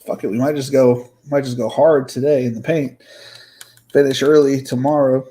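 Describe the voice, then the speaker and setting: A husky, mid-pitched man talks into his desk mic while streaming fantasy sports drafts. He is a little out of breath. He thinks aloud in loose, profane, half-muttered asides. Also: flat delivery, normal speed, warm tone, poor audio. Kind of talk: casual livestream commentary.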